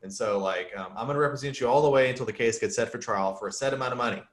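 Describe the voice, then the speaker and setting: Brief: male defense attorney hosting a casual chat, mid-pitched, relaxed and joking, plain-spoken. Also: rapid-fire. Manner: easygoing, joking, explains plainly with everyday examples. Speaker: criminal defense lawyer and host.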